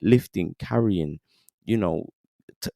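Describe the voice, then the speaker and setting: Casting: thirties man, podcast guest, low dark voice, lively storyteller. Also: slow, creaky, no echo. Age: 30s. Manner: animated, repeats "you know what I mean". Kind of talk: casual storytelling interview.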